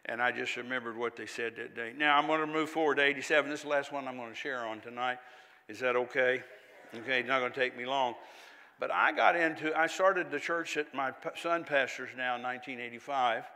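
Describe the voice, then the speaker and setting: An older pastor preaches with a bright, forceful voice, swinging between quiet storytelling and fiery, zealous outbursts. His words ring out into a long church-hall reverb. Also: medium pitch, fairly quick. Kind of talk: sermon.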